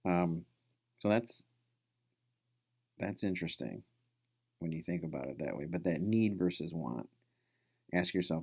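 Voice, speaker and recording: Low, gravelly man giving a rambling lecture. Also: expressive, measured pace, pauses often, darkish tone. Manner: rambling, full of fillers and restarts. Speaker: instructor. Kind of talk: casual recorded lecture.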